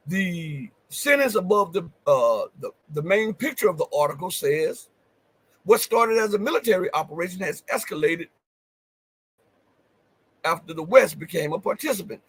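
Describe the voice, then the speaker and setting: A man hosting a livestream, talking in a high and rather husky voice. He leans hard on key phrases, repeating them for weight, and throws questions straight at his viewers. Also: low-quality recording. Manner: addresses viewers directly with questions. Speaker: show host. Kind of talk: livestream commentary.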